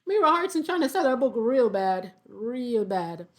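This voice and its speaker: A young woman, reading viewer comments aloud in a sassy, animated casual commentary. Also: a little high, normal speed. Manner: sassy, animated, laughs often.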